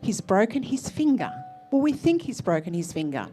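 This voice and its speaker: An Australian woman voicing a calm adult male scout parent who phones with news, speaking in a soothing, measured way. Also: mid-range voice, soft background music, natural voice. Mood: reassuring.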